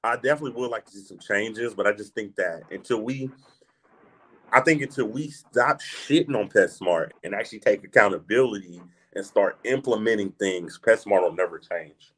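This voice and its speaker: Low-voiced laid-back man hosting a chat. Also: normal speed, a bit bright, slightly rough. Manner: laid-back, swears freely, says "man" a lot. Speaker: podcast host. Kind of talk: casual livestream chat.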